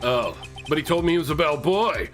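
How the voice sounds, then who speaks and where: This let's play host has a fairly high, expressive voice and a brisk delivery. He voice-acts the game text playfully, cracking jokes, improvising and switching into silly voices while game music runs underneath.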